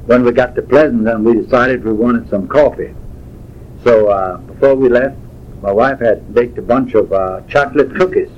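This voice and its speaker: A man, telling folksy stories from his past in a rambling, unhurried way. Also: medium pitch, muffled recording, a little hiss or hum. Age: 80s. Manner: folksy, unhurried, drifting with fillers and self-corrections. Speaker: storyteller. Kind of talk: rambling spoken reminiscence.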